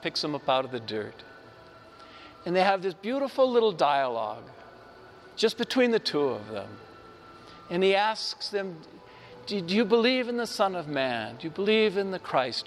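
A man giving a Sunday homily, retelling a story with lively, acted-out voices and frequent laughs. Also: high-pitched, long reverb tail, slight background noise. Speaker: preacher. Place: church.

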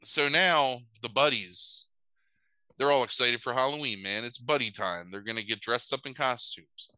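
A man's voice: medium pitch, moderate pace, pushed and bright, no echo, rough recording. A man casually recapping a movie plot with profane, sarcastic asides. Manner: profane, sarcastic, does voices.

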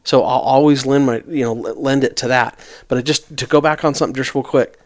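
A man with a mid-range voice talks hunting gear in relaxed casual chat. He often restarts his sentences with a stammer. He stays easygoing and agreeable throughout. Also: mid-range voice, a little fast. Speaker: hunting podcast co-host.

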